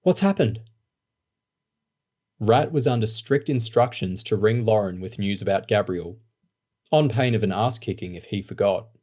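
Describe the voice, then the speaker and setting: A man narrating an audiobook in a steady, even storytelling manner. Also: fairly low pitch, normal speed. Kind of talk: scripted narration.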